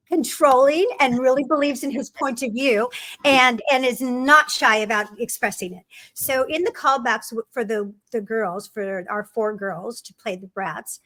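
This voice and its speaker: A middle-aged woman, a guest in an interview, telling stories about her career in an animated way and acting out the people she quotes. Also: on the high side, no echo. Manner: animated storyteller, acts out quoted people, laughs often. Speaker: film writer and producer guest. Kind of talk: conversational interview storytelling.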